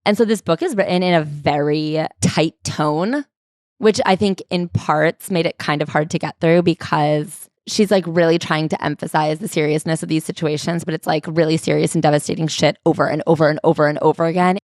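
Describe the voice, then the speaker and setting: Woman co-host, wry and emphatic, slightly low voice, dry close sound. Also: fairly even intonation, a little fast, darkish tone, dry recording. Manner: wry, emphatic, uses lots of "like". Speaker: podcast co-host. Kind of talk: casual book-club chat.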